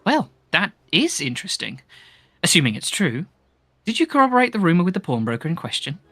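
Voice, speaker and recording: A man's voice: high voice, big pitch swings, a little fast, fairly bright tone, dry recording, soft background music, voice pushed up, heavily acted. A man voicing a stern adventurer who questions an informant with dry, cutting suspicion. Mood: suspicious.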